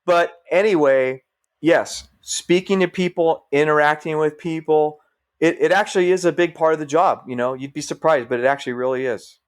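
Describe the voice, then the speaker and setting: A man's voice: a little high, moderate pace. A middle-aged man, a firefighter guest on a podcast, telling stories casually and acting out what people said. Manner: animated storyteller, acts out quoted voices. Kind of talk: casual storytelling.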